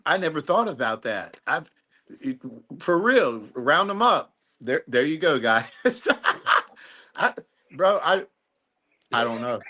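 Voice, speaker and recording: An older man with a bright, forceful voice rambles through crude podcast banter. He laughs often and keeps restarting his sentences. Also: on the high side, big pitch swings, slow pace. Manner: rambling, laughing, self-interrupting. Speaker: podcast co-host.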